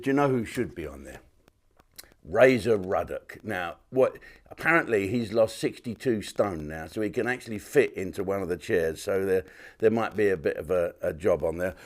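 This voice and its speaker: An older man, a comedian talking casually to camera with a clip-on mic, rambling and telling jokes. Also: lowish voice. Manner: chatty, rambling, joke-telling. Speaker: comedian and host.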